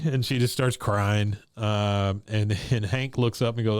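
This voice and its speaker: A man's voice: fairly low pitch, fairly even intonation, measured pace, few pauses, clean tone, no room sound, studio quality. A man co-hosting a podcast, casually retelling an episode scene by scene and laughing often. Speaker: podcast co-host recapping an episode. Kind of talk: casual chat.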